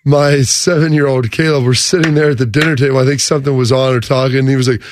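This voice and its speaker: Animated man telling a story on radio. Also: mid-range voice, fast, noisy background. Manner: animated storyteller, acts out quotes. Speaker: radio co-host. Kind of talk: casual sports radio chat. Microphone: studio microphone.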